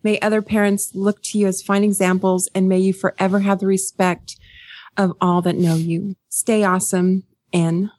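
A woman's voice: mid-range voice, level tone, normal speed, a little mellow, dry recording. Woman hosting a call, dry close sound. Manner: friendly, with many fillers, tearing up while reading. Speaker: host of an online call. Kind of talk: hosting a live call, reading messages aloud.

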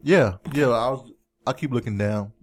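A man's voice: medium pitch, moderate pace. A man co-hosting a casual chat show, easygoing and joking, often restarting his sentences. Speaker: co-host.

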